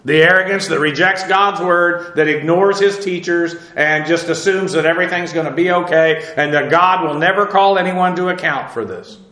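A man's voice: a little high, bright, forceful tone. Emphatic man teaching Bible, echoey room. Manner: halting, many filler "uh"s, spells out Hebrew words; emphatic, preacherly warnings.

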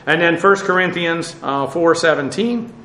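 A man's voice: fairly high pitch, animated, moderate pace, sharp tone. Man teaching Bible class, echoey room. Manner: conversational, many fillers, dry asides.

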